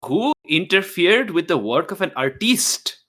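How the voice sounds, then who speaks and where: A man's voice: high-pitched, very animated, a little slow, sharp tone, heavily acted. Man playing a fussy formal artist. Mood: courteous. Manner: formal, fussy, stilted phrasing. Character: formal, overly polite male artist companion.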